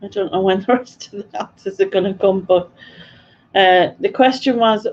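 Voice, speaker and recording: A woman's voice: mid-range voice, moderate pace, darkish tone. A woman hosting a live quiz stream in a chatty, giggly way, reading out viewers' answers. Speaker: quiz host. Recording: dull lo-fi stream audio with faint ambience.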